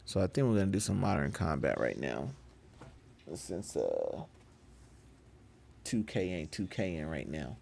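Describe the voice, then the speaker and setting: A man chatting casually with viewers on a gaming live stream, laughing often and getting animated when he rants. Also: extremely low pitch, unhurried, gravelly, pauses often. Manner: laid-back, laughs often, gets animated when ranting.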